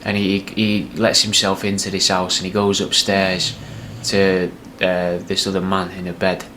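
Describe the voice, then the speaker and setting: A man casually pitching a sketch idea, rambling with hesitant restarts. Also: monotone, moderate pace, sharp tone, a little hiss or hum. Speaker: comedy podcast host.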